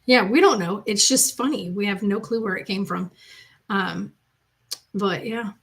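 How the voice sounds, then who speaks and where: A woman's voice: mid-range voice, unhurried, gravelly, fairly bright tone, rough recording. A woman hosting her channel from the loft of her home, chatting casually and rambling as she answers viewer comments. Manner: chatty, rambling, loose storytelling. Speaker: mother and channel host.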